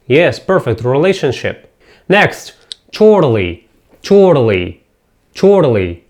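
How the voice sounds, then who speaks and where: A man's voice: mid-range voice, big pitch swings, slow pace, a little mellow. A man teaching English pronunciation, repeating each word and asking learners to say it back after him. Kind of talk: pronunciation drill lesson.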